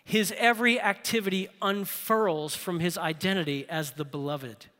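High bright-voiced male preacher in a hall. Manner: storytelling, drops low and slow for emphasis, rises loud when exhorting. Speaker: pastor. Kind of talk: sermon.

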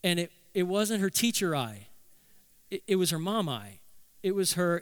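A man's voice: high-pitched, animated, normal speed, a bit bright. A middle-aged male pastor preaching a sermon, telling stories and posing emphatic rhetorical questions.

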